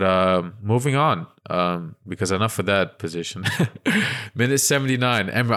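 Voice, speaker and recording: A man with a fairly low voice co-hosts a casual football podcast. He retells match moments in an animated, chatty play-by-play way. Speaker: podcast co-host. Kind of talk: casual sports podcast chat.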